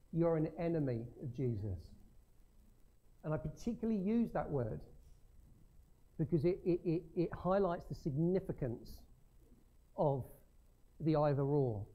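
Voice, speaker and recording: A man preaching a sermon as pastor, measured and emphatic, leaning on slow deliberate stresses. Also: on the high side, dull audio.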